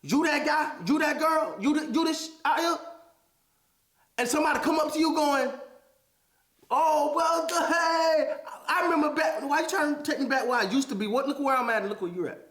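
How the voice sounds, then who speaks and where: A man's voice: very high voice, a little fast, fairly bright tone. A man hosting a podcast, giving an emphatic motivational monologue and repeating phrases for emphasis. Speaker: podcast host. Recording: echoey room.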